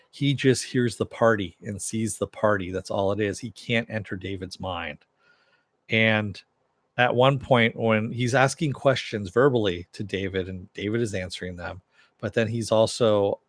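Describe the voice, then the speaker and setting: A man's voice: on the low side, no echo. A man casually recapping a TV episode, rambling with lots of fillers and restarts, quoting characters in a slightly raised voice. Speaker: TV episode reviewer.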